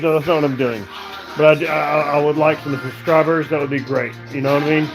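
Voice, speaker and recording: A man talks loosely and at length on a home livestream, his voice sitting a touch high for a man. He sounds relaxed and a little tipsy, circling back on his points and tagging sentences with "okay?". Faint music plays underneath. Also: a little fast, few pauses, rough recording. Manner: relaxed, rambling, repeats "okay?". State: drinking, tipsy. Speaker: livestream host. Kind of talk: casual livestream chat. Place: living room at home.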